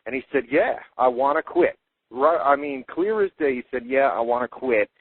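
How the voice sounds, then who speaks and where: A man's voice: medium pitch, normal speed, dry recording. A man hosting a radio fight-talk show, recapping events in casual chat with frequent "uh" fillers. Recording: tinny phone-like dry audio.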